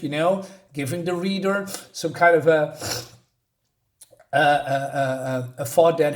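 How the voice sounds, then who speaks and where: A man's voice: on the high side, measured pace. A man reviewing a comic book in a scornful, exasperated rant, often stumbling into restarts.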